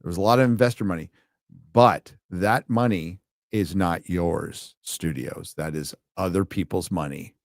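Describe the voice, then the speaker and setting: A man's voice: low voice, unhurried, dry recording, studio quality. A man hosting a live stream, ranting in sarcastic, profane, combative commentary.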